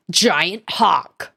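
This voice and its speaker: A woman's voice: mid-range voice, vocal fry, sharp tone, slight background noise. A woman streaming a video game, commenting live and often exclaiming and squealing as she plays.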